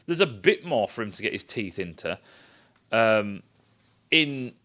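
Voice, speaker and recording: A young man tears into a film in a casual, sarcastic rant full of swearing. His pitch swings widely as he mocks what he sees, lively and animated from one line to the next. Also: measured pace. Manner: profane, sarcastic, mocking. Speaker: film reviewer. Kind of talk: casual ranting film critique.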